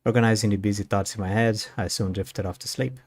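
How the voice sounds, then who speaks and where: A man's voice: on the low side, steady tone, fast, a little mellow. A man streaming, reading a visual novel aloud and breaking off to comment on the characters. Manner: reads along, breaking off to comment on the cast.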